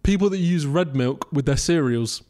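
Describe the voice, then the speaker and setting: A man co-hosting a podcast in casual chat, cheeky and joking, quick to laugh. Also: fairly high pitch, expressive, warm tone. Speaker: podcast co-host.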